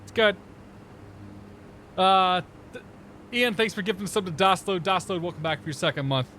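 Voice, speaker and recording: A man's voice: high-pitched, expressive, a little fast, sharp tone, slight background noise. A man streaming a flight simulator in casual chat, joking at himself and laughing easily while he explains cockpit controls. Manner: chatty, laughing, self-joking.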